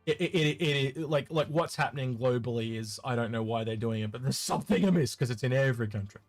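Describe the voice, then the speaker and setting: Soft music plays under a fast-talking man with a mid-range voice, recorded without any room sound. He co-hosts a live Q&A stream in a Tasmanian Australian accent, keeping things loose and chatty while rambling and repeating himself on each restart.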